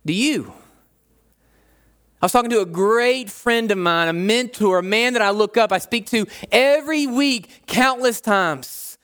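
A young pastor delivers a sermon with a high, light voice. He talks in a loose, conversational way and hammers home repeated phrases. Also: a little slow, fairly bright tone, clean tone.

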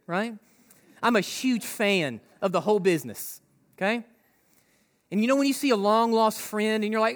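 Male pastor with a high voice, preaching conversationally, full of rhetorical questions. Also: a bit bright. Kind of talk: sermon.

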